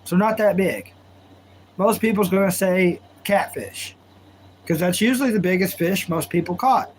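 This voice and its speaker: A man with a fairly high voice hosts a relaxed live stream from home. He rambles in a folksy way, answering viewer comments and spinning stories. A faint hum sits underneath. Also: normal speed, poor audio. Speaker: livestream host. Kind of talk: casual live-stream chat and storytelling.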